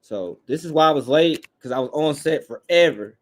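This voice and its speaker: A man's voice: on the high side, lively intonation, moderate pace. A man hosting a live fan call-in show, talking bluntly and profanely while reading chat comments. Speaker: podcast host.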